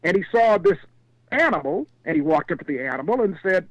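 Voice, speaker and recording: A male panelist with a notably high, very lively voice that rises and falls as he tells stories. He sounds dry and close, with almost no room sound. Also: brisk, no echo, poor audio. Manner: animated storyteller. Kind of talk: casual live panel chat and storytelling.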